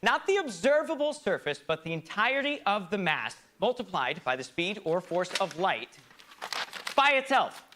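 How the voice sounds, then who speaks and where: Lively, bright-voiced man performing a monologue. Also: high-pitched, normal speed. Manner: swings between loud outbursts and hushed asides. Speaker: stage performer. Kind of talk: theatrical comic monologue.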